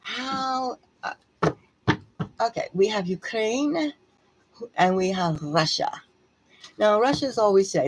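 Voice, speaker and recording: An American woman rants on her livestream, her pitch swinging up and down with agitation. She repeats words over and over for emphasis and sounds fed up. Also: expressive, a little slow, long pauses, slightly rough, rough recording. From United States. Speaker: tarot channel host. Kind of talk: agitated political rant.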